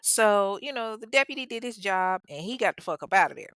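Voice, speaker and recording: A woman hosts a podcast and tells a true-crime story in a casual, sassy way, full of profane jokes. Her pitch rises and falls freely. The recording is close and dry, with no room sound. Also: animated, normal speed, no echo. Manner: sassy, profane, humorous asides. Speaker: podcast host.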